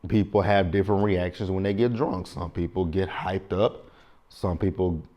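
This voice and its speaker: A thirtysomething man with a Southern US accent chats loosely through a TV episode recap for his vlog, rambling and slangy. His voice is deep, with fairly even intonation and a moderate pace, and the audio sounds dull.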